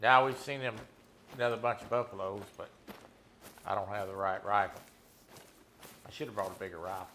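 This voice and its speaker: A man's voice: lowish voice, steady tone, fairly quick, long pauses, bright, forceful tone, a little hiss or hum. A man streaming a hunting game, chatting and teasing viewers in a laid-back way. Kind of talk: casual gameplay chat with viewers.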